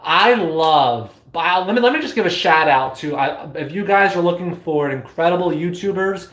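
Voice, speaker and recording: A man's voice: a little high, expressive, normal speed, a bit bright. A man chatting on a spiritual live stream, playful and giddy, breaking into whoops and laughter. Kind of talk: casual live stream chat. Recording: echoey room.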